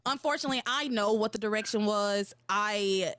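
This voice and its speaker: A young adult woman hosting a podcast in casual, animated chat, exclaiming and swearing freely. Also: mid-range voice, normal speed, heavy background noise. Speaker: podcast host.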